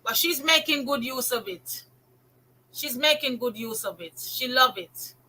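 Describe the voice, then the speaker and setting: An older woman with a Jamaican accent, telling stories in a casual monologue, lively, repeating phrases for emphasis and slipping into patois. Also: sits high, unhurried, a little hiss or hum, poor audio. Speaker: vlogger.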